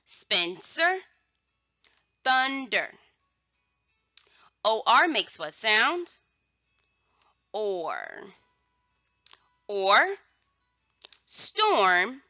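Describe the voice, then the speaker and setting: Bright-voiced woman teacher, lively delivery. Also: fairly high pitch, no room sound, lo-fi sound, soft background music. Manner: slow, emphatic, drawn-out enunciation with sudden loud word calls. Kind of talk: phonics and vocabulary lesson for young children.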